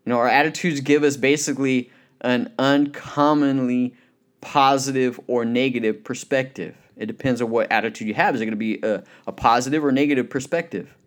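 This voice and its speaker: Man, preacher, sermon, mid-pitched, storytelling, emphatic, slows on key lines. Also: fairly even intonation.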